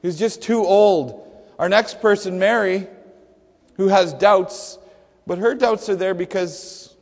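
A man's voice: sits high, slow pace, darkish tone. A male pastor preaching a sermon emphatically, with rhetorical questions and dry humor. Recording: long hall reverb.

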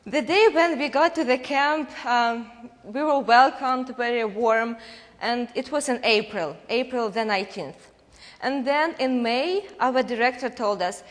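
A Ukrainian woman from Ukraine speaking to a church congregation, telling lively stories, laughing and acting out voices as she goes. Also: sits high, measured pace, big-room sound. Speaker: guest speaker at a church, interpreting for her husband. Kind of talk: storytelling testimony to a congregation.

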